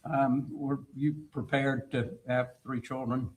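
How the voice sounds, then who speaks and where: A man working as an attorney, asking a witness short, measured questions in court. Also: medium pitch, little pitch movement, a little hiss or hum, low-quality recording.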